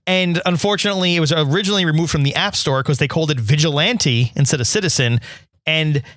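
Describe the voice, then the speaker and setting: Man, high bright voice, lively pitch, casual chat host. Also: quick pace, no echo, studio quality. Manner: animated, chatty storyteller. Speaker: podcast host.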